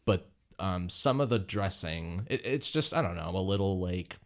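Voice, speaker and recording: A man's voice: sits low, lively intonation, normal speed. A man co-hosting a casual podcast chat, easygoing, with dry asides and short replies. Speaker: podcast co-host.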